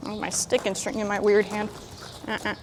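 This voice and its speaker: A woman horse trainer in a sandy arena, calmly explaining while she works a young horse and talks to it. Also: mid-range voice, normal speed, heavy background noise. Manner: calm, plainspoken, talks to the horse in between. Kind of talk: training demonstration.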